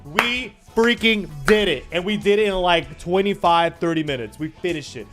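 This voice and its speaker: A man's voice: sits high, normal speed, music in the background. A young man livestreaming, chatting casually and teasing his chat with playful mock rants.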